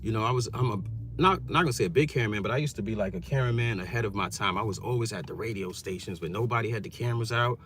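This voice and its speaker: A man's voice: on the low side, racing, a little hiss or hum. A man, a YouTuber telling stories in casual, slangy vlog talk from inside his car. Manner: animated, slangy storytelling.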